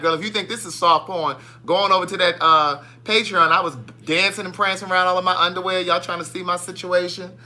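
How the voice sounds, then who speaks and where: A man hosting a casual live stream, greeting viewers by name in a playful, sassy way. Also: sits high. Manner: playful, sassy, animated shout-outs. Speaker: livestream host.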